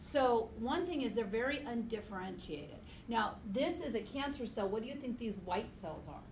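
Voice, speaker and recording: A woman biology teacher lecturing her class in a chatty, animated way, mixing lessons with personal stories. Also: a little high, moderate pace, a little hiss or hum. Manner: chatty, animated storytelling, talks to students directly. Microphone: iPad screencast recording.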